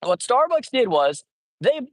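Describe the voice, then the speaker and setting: A man's voice: very high voice, big pitch swings, unhurried, no echo. Joking young man livestreaming. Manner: playful, joking, greets chat viewers, laughs often. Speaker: livestream host feeding stray cats. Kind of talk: casual livestream chat. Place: outdoors at a cat colony.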